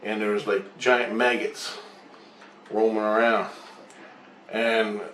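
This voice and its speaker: A man's voice: lowish voice, little pitch movement, slow pace, a bit bright, recorded from a distance, slight background noise. A man telling a long rambling story in casual chat, swearing often and acting out both sides of the talk. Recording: roomy echo.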